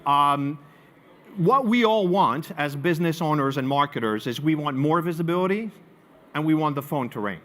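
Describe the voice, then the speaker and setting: A man from France with a French accent, giving a live marketing presentation to an audience as an animated storyteller who swings between loud emphasis and quiet asides. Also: a little high, moderate pace. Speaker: marketing speaker.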